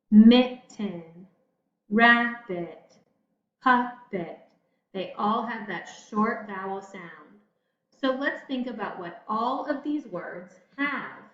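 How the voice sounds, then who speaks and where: A woman teacher giving a patient phonics lesson to children, speaking slowly and pausing for answers. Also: a little high, a bit bright. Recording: echoey room, slightly dull sound.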